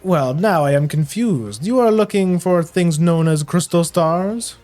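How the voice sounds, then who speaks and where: A man's voice: on the high side, expressive, unhurried, a little mellow, faint music behind. A man voicing a vain, flamboyant male merchant with a put-on Spanish accent, reading a game's dialogue aloud. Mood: grandiose. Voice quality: flamboyant, grandiose, dramatic.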